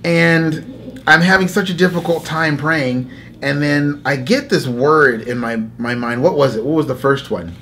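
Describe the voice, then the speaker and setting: A man's voice: on the high side, a little slow, bright, forceful tone, slight background noise. A man hosting a casual faith talk, telling a story animatedly, acting out inner dialogue and laughing often between phrases. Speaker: host. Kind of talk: casual spoken testimony.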